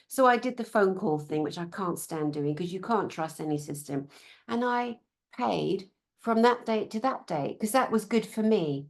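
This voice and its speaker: A British woman with a medium-pitched voice gives a conference talk at a moderate pace. She's animated, blunt, and sarcastic, swears freely, and mocks officials by imitating them in put-on voices.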